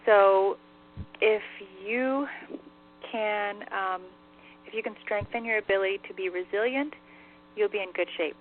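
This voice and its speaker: Heard through a thin, hissy phone line, a psychic medium relays what the spirits are telling her on a call-in radio broadcast. She talks at an ordinary pace in a mid-range voice, keeps things chatty, laughs freely, and leans on the word "like."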